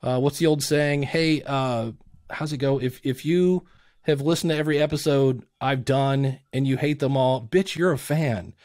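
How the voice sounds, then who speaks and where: A man on a podcast as a guest, chatting casually and acting out little quoted exchanges with lively energy. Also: medium pitch, moderate pace, no echo, clean studio sound. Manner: animated storyteller acting out quotes.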